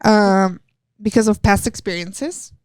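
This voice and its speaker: Smooth-voiced woman. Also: mid-range voice, a little slow, no room sound, clean studio sound. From El Paso, Texas. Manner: candid and animated, swears freely, acts out quoted dialogue. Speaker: podcast guest, wrestler. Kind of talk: casual interview storytelling.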